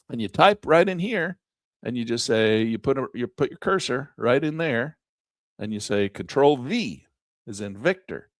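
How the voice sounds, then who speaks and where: A man's voice: medium pitch, vocal fry, no room sound, clean studio sound. A man teaching a screen-share trading lesson in a folksy, chatty way, often repeating himself. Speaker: trading instructor.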